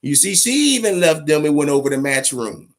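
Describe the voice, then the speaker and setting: A man hosting a boxing talk show, telling stories in casual, profane, animated commentary. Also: fairly high pitch, a little fast. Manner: profane, storytelling, animated retelling.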